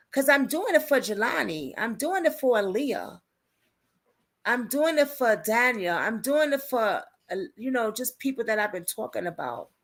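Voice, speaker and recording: A woman's voice: a little high, fairly bright tone. A woman hosting a casual live stream, talking in an informal, slangy way and reading and answering viewer comments as she goes. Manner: talkative, reads and answers viewer comments aloud. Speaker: livestream host covering a criminal case.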